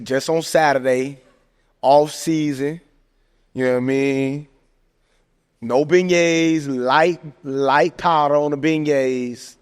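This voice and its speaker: Man, young adult, animated joking sports talk, somewhat high pitch, long reverb. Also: clean tone. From American South. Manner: animated, joking, lots of "man" and "hey, look". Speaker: podcast host. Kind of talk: casual sports chat.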